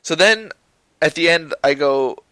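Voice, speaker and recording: A young man co-hosting a podcast, telling a story in a loud, profane, laughing way. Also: a little high, animated, unhurried, clean tone, dry recording, low-quality recording. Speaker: podcast co-host. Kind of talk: casual chat.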